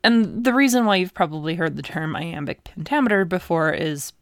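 A woman's voice: on the low side, expressive, brisk, no echo. A woman co-hosting a podcast, chatting in a wry, complaining way. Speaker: podcast co-host. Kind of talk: casual podcast chat.

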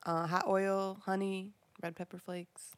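A woman's voice: medium pitch, flat delivery, measured pace, dry recording. Woman, 30s, easygoing podcast guest, slightly hungover, dry close sound. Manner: laid-back, laughing, casual swearing. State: a little hungover. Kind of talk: casual podcast banter.

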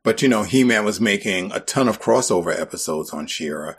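A man's voice: on the low side, expressive, brisk, breathy edge. A man co-hosting a podcast, recapping an episode in casual chat and musing on production choices. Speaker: podcast co-host.

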